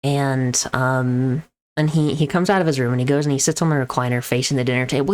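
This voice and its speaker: A woman's voice: very deep voice, steady tone, brisk. A young woman, an EMT and streamer, chatting casually and explaining medical terms as she tells a story. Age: young adult.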